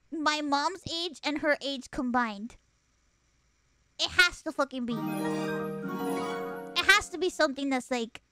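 A young woman streamer, telling a story in an animated, profane, laughing way. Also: sits high, no echo. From Puerto Rico. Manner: animated, profane, laughing, bursts into loud acted outbursts. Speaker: live streamer. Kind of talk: casual storytelling.

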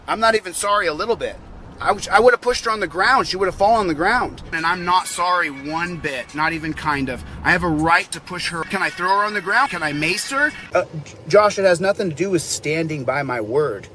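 A man's voice: high-pitched, fairly quick, bright, forceful tone, a little hiss or hum. A young man in a heated, profane rant to his vlog audience, repeating himself as he vents. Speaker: vlogger. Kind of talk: angry rant to camera.

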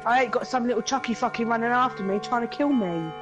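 A woman's voice: fairly high pitch, quick pace, dull audio, over music. A woman playing a horror game with a friend on stream, nervous and blurting frightened outbursts. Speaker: co-player. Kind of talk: live game stream chat.

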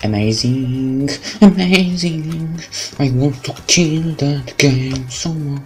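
A man's voice: medium pitch, steady tone, slow pace. A man with a Polish accent, a gaming video creator who swears a lot and vents in sarcastic, angry outbursts during commentary. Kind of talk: frustrated gameplay commentary. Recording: faint game music behind.

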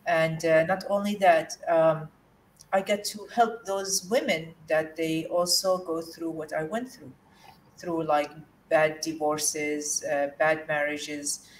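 A woman from Jordan, a guest in an interview, telling a personal story in an earnest, halting way with many fillers and restarts. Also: sits low, fairly even intonation, slight background noise. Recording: distant mic with faint room ambience.

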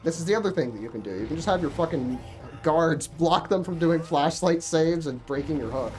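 A woman streamer gives running commentary on her game, swearing and thinking aloud as she plays. Her voice sits low but swings widely in pitch. She sounds animated throughout. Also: fairly quick, a little hiss or hum. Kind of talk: gaming livestream commentary.

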